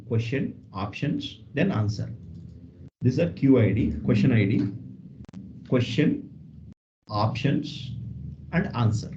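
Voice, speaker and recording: A man leads a live coding lesson in a mellow, relaxed voice, going through each step slowly and repeating phrases as he types. The audio is dull and lo-fi, with a faint hiss under it. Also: medium pitch. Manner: explains step by step, repeats phrases, frequent "okay" fillers. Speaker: programming instructor.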